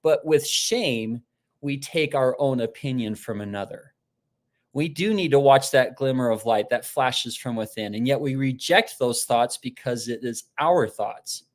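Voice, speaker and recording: A man's voice: medium pitch, moderate pace. A man giving a live-streamed motivational talk, telling stories conversationally and often restarting his sentences. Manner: animated storytelling, acting out quoted voices. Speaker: motivational speaker.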